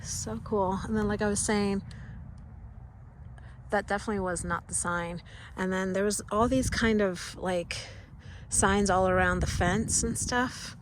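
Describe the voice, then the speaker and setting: A woman records a casual vlog outdoors, chatty and excited, with plenty of fillers along the way. Her pitch sits in a middle range. Clear outdoor ambience and passing cars run under her voice. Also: a little slow. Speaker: vlogger touring filming locations. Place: outdoors and in a car. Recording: outdoor recording with traffic noise.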